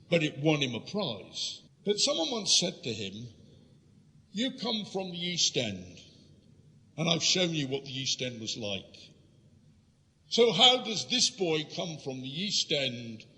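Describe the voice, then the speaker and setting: Bright-voiced man lecturing in a hall. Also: medium pitch. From London, England. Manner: lively storytelling, addressing the audience directly. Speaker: guest lecturer. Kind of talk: illustrated history lecture. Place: lecture room.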